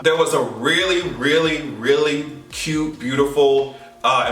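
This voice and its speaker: A man recapping a movie in a casual, animated way, swearing, joking and laughing as he goes. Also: medium pitch, far from the mic. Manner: animated, profane and playful, laughing often. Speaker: movie reaction vlogger. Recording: echoey room, voice a bit off-mic, faint music.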